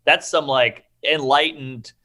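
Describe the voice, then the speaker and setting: A man's voice: medium pitch, slow pace. A man in his thirties, a stand-up comedian chatting casually as a podcast guest, acting out the people in his stories. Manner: animated, acts out quoted voices.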